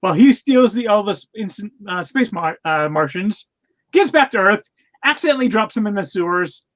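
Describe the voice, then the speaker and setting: High-voiced rambling man on a podcast. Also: expressive, a little fast, a bit bright. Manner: rambling with many fillers and restarts, laughs often. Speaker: podcast co-host. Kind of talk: casual chat reviewing cartoons.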